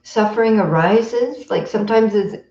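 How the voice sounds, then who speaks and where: A woman meditation teacher giving a live-streamed dharma talk in a gentle, tender, unhurried way with soft pauses. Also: mid-range voice. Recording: roomy echo, dull lo-fi sound.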